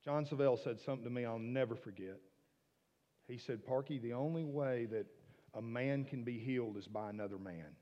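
A man preaching a sermon, swinging from soft hushed asides to loud emphatic declarations. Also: medium pitch, brisk, in a large hall, muffled recording. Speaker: pastor.

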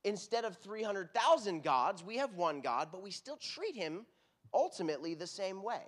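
A man's voice: high voice, normal speed. Earnest Texan man preaching. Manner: conversational, earnest, animated storytelling to a congregation. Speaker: worship pastor. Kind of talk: sermon.

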